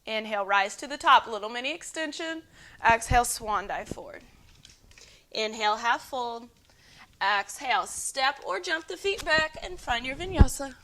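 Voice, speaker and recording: A woman yoga instructor calmly cueing breaths and poses in a guided flow at home. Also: a little high, normal speed. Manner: calm, encouraging breath cueing. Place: home, dogs nearby.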